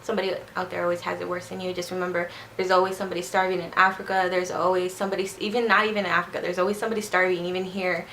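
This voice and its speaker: A woman vlogger whose first language is Spanish talks to camera in a rambling, chatty way, slurring her words a little when she speaks fast. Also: lowish voice, level tone, a bit bright, a little hiss or hum. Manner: chatty, rambling, repeats herself. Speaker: beauty vlogger. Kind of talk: casual chat to camera.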